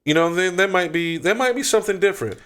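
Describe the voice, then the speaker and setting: A woman's voice: on the low side, lively intonation, fast talker, fairly bright tone. Hesitant, stammering woman radio co-host. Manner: hesitant, repeats and stumbles over words. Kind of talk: call-in talk radio chat.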